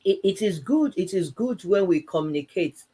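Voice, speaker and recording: Animated woman telling a story. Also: on the low side, moderate pace, breathy edge. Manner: animated, laughing, acting out both sides of a story. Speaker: co-host of a live church talk show. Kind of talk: casual conversational storytelling.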